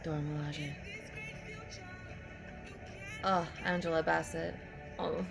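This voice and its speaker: A woman's voice: sits low, level tone, normal speed, creaky, music in the background. A young woman hosting a casual reaction vlog, gushing and swearing freely, often dropping to a whisper. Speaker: YouTube reaction host.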